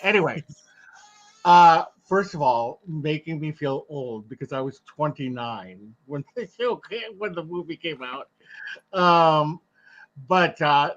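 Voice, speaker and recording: A man's voice: on the high side, fairly bright tone. A man in his fifties in a casual live discussion over a video call, easygoing and laughing as he talks. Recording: muffled video call audio.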